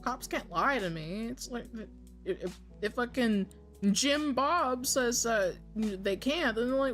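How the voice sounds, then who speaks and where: Lively, laughing woman podcast co-host. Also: fairly high pitch, slow pace, faint music behind. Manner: profane, laughs often, mocking quoted voices. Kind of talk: casual chat.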